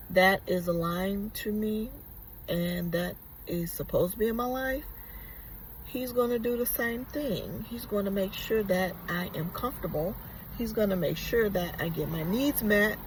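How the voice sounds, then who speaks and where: A woman's voice: mid-range voice, a little slow, slight background noise, rough recording. A woman vlogger telling a personal story in a casual, earnest and reflective way, rambling with many fillers.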